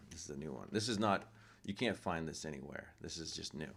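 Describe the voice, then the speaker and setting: A man, a guest musician, chatting casually in a soft-spoken, rambling way. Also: a bass voice, animated, a little fast, vocal fry. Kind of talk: casual chat. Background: guitar playing.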